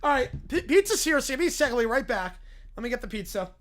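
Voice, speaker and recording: Brief: high, lively woman host reading a story aloud, casual asides. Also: quick pace. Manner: amused, offhand asides. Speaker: livestream host.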